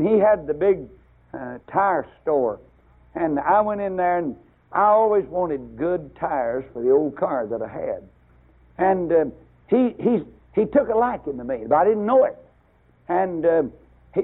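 Husky older preacher on tinny radio. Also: male voice. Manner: rising to loud emphatic bursts, then dropping low. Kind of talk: fiery sermon.

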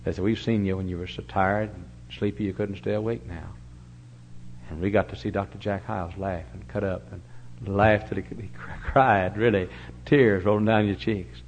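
An older man preaching a sermon in a church. He tells stories with big swings from loud to hushed. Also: deep voice, steady tone, moderate pace. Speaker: pastor. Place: church sanctuary. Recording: dull, lo-fi church recording with faint hum.

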